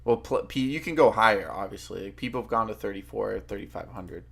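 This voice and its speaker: A man's voice: fairly low pitch, a little fast, creaky, fairly bright tone. A man co-hosting a stream, laid-back and a bit hesitant, laughing often in casual chat.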